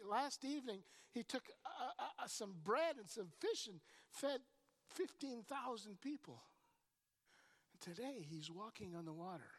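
A woman preaching a sermon, telling the story with animated energy and often repeating words as she starts a thought. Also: lowish voice. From Canada. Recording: long reverb in a large hall.

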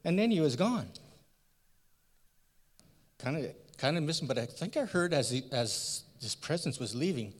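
A man's voice: fairly high pitch, sing-song, moderate pace, long pauses. Zechariah, a man playing an old folksy priest. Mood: awed, folksy. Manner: folksy, earnest, rambling storyteller. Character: elderly priest Zechariah retelling his angel encounter. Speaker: church member in a sermon skit. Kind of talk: first-person dramatic monologue. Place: church. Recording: long church hall reverb.

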